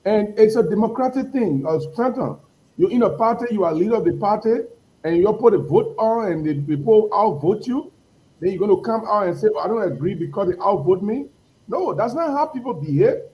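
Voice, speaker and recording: Party guy on a call, fairly high voice, keeps restarting his words while he argues. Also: lively intonation, dark tone, poor audio. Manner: halting, repeats words as he argues. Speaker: party member guest. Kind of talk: political debate on a call.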